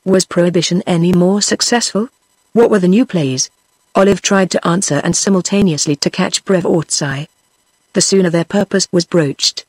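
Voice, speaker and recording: A text-to-speech woman's voice with a British English accent, reading a short story aloud in one even synthetic manner for every character. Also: lowish voice, husky, dry recording. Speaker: audiobook narrator.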